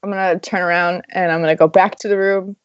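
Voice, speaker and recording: A woman's voice: fairly low pitch, fairly even intonation, fast, smooth, dry recording. Hesitant woman player, lo-fi audio. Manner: hesitant, full of ums and laughs. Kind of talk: casual tabletop play.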